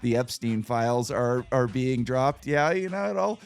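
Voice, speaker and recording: A man in his forties hosts a casual podcast, spinning stories with blunt, profanity-laced talk. His voice sits at a middling pitch with ordinary liveliness. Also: lively intonation, normal speed, gravelly, clear, resonant tone. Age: 40s. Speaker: podcast host.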